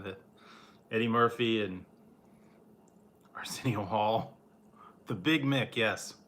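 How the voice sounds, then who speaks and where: A man hosting a casual live stream, chatting with viewers in a relaxed, rambling way while eating and drinking. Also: fairly low pitch, takes it slowly, pauses often. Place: home.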